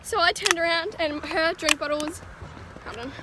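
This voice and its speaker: Very high-voiced woman, noisy outdoors. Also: normal speed. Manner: animated, laughing storytelling. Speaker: vlogger. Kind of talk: casual vlog chat.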